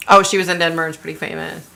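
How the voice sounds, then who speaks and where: A woman's voice: fairly low pitch, vocal fry. A middle-aged woman hosting a psychic livestream, telling a story in casual chat, laughing a lot and acting out what other people said. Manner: animated, laughing, mimics others.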